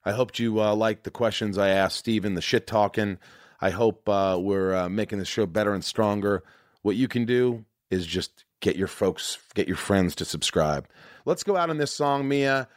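A man with a fairly low voice hosts a podcast at normal speed, chatting casually and candidly. He's frank, emotional and profane, rambling with lots of restarts and fillers, in a studio-quality recording with no room sound.

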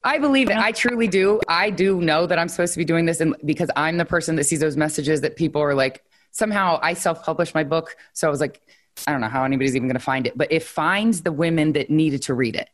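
A woman's voice: low-pitched, fast talker. A woman hosting a podcast who talks candidly in a casual conversation and openly doubts herself. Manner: candid, self-doubting, emotional. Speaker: podcast host.

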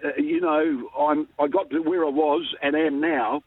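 An older Australian man telling a story in an interview, lively and chuckling between lines. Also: a little slow, dry recording. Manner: animated storyteller, lively pitch jumps, chuckles. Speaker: interview guest, former cricket captain. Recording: dry, tinny phone-like line.

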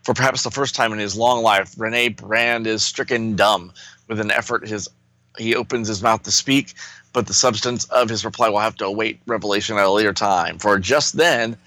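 A man's voice: lowish voice, steady tone, moderate pace, sharp tone, no room sound. A man co-hosting a podcast, reading a comic aloud with playful, jokey asides. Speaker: podcast co-host.

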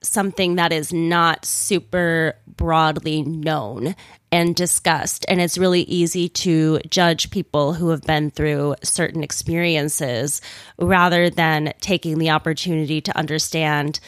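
A woman hosts her podcast from home in a low, still-groggy morning voice. She chats candidly and wanders off on tangents with small laughs. The sound is dry and close. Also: dry recording. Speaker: podcast host. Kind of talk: casual solo podcast talk.

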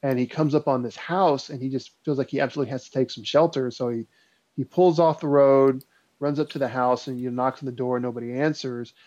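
A man's voice: mid-range voice, fast. A man in a casual chat, spinning an old spooky tale in a loose, rambling way full of ums and likes. His voice sits in a middle range. The recording is somewhat dull and muffled. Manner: rambling, relaxed storyteller with many fillers. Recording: dull lo-fi sound.

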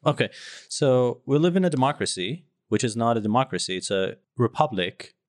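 A man co-hosting a podcast, chatting casually with wry, deadpan sarcasm. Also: mid-range voice, brisk, dry recording, clean studio sound. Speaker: podcast co-host. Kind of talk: casual chat.

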